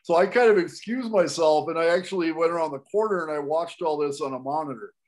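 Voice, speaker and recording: An animated man recounting a story in a podcast conversation. His voice sits a little higher than most men's. He talks with lively restarts and keeps pushing the story forward. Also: quick pace. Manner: animated, with frequent restarts and laughs. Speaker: guest storyteller.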